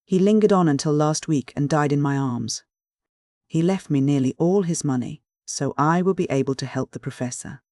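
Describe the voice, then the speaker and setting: A reader voicing a plump, shrewd elderly widow in an audiobook, brisk and businesslike under her gushing endearments. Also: medium pitch, darkish tone, no room sound, clean studio sound, natural voice. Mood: chatty. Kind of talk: audiobook dialogue reading.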